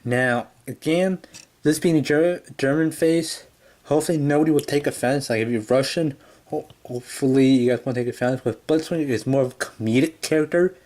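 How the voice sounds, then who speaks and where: A man's voice: medium pitch, normal speed, darkish tone. A man casually reviewing a toy, rambling with lots of fillers and restarts. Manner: rambling, full of "yeah" and "kinda".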